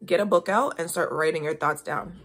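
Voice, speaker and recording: Husky-voiced woman giving spirited pep talks. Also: sits low, brisk, a bit bright, soft background music. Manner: emphatic, coaxing, often checks in with okay. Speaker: podcast host giving intuitive readings. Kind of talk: casual spiritual chat.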